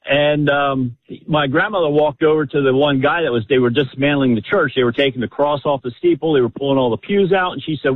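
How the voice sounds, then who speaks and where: A man's voice: medium pitch, fairly quick, dry recording. A man calling in to a radio show, telling a family story in an eager, rambling way with lots of fillers. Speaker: caller. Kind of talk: phone-in storytelling. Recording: tinny phone line.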